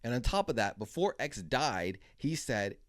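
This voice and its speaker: A man's voice: mid-range voice, sing-song, moderate pace, no echo, studio quality. A man hosting a commentary video, talking bluntly and sarcastically. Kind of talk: opinionated commentary.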